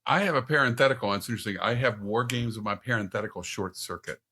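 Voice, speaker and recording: A man's voice: on the low side, fast, pushed and bright, husky. A man playing as a contestant in a casual podcast trivia game who jokes, hams it up and argues calls with the host. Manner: jokey, theatrical, argues with the host. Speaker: quiz contestant.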